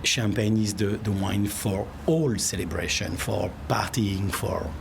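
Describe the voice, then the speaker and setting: A man's voice: on the low side, steady tone, unhurried. A man with a French accent, a winemaker and company head, giving a thoughtful interview answer in non-native English, searching for words. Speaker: winemaker and CEO. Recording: clear background noise.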